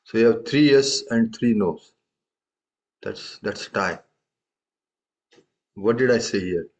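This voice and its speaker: A man's voice: fairly low pitch, lively intonation, takes it slowly. A man teaching a tabla lesson, explaining patiently and often checking in with questions. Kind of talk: live music lesson. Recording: dull lo-fi audio.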